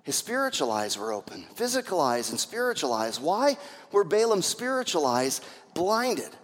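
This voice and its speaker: A man with a high voice preaches a sermon, retelling scripture stories with lively energy and briefly acting out the people in them. His voice rings out with the long reverb of a large hall. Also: normal speed. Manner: animated storytelling with acted-out voices. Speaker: pastor.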